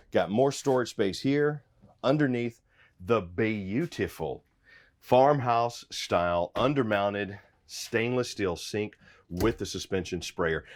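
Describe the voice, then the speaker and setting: A man's voice: lowish voice, slight background noise. A man giving an upbeat walkthrough of a travel trailer, pointing out features as he goes, recorded inside the trailer. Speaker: RV salesman giving a walkthrough tour. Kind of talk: product walkthrough.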